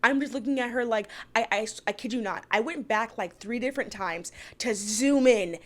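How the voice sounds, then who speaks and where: Woman, casual vlog recap, fairly high voice, opinionated, outspoken, cursing. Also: moderate pace. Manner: animated and opinionated, swears freely. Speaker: reality TV recap vlogger. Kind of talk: casual chat.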